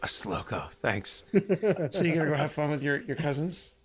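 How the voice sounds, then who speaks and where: A man's voice: on the high side, normal speed. A man who runs the game and streams it, chatting casually and playfully from his home basement. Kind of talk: casual chat.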